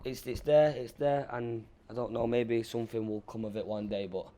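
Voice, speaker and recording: A man's voice: mid-range voice, fairly even intonation, normal speed, mellow. A young man with a Manchester accent chatting casually in an interview, slangy and laid-back, often repeating himself. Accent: Northern English, Manchester. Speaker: rapper being interviewed. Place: interview room in Berlin.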